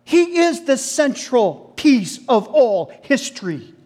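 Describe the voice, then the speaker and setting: High-voiced man preaching a sermon. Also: takes it slowly. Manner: animated storytelling, acting out quoted voices; addresses the congregation directly. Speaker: pastor.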